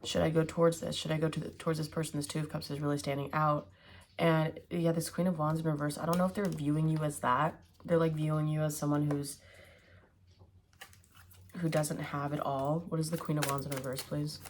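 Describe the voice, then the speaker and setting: A woman's voice: deep voice, level tone, a little fast, a little hiss or hum. A woman giving a casual tarot reading, musing aloud with hums and fillers as she turns each card. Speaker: tarot reader.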